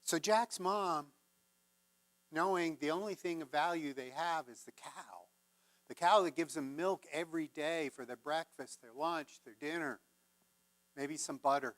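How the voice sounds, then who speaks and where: A male minister telling a folk tale in a sermon, measured and gently conversational. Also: a little high. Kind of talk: sermon storytelling.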